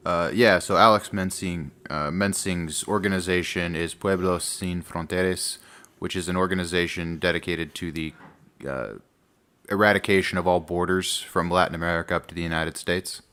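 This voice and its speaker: A man with a low voice and a bright, forward edge co-hosts a talk podcast. He explains things at length in casual chat, often pausing on fillers. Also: fairly even intonation, smooth. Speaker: podcast co-host.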